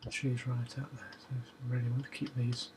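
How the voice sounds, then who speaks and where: A man's voice: mid-range voice, normal speed, a little hiss or hum. A man casually talking through a photo edit on screen, muttering to himself as he works. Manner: relaxed, muttering to himself as he works, hums while waiting. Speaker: photo editing vlogger.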